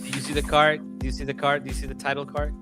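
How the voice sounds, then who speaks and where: A man co-hosting a casual chat, animated and joking. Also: mid-range voice, fast talker, music in the background. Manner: animated, joking, plays mock announcer. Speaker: podcast co-host.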